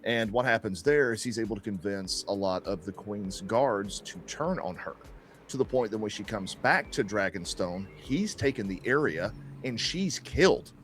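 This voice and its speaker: Low-voiced joking man. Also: expressive, normal speed, a bit bright, soft background music. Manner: loose and joking, swears, recaps plot with restarts. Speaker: podcast co-host. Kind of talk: casual podcast chat.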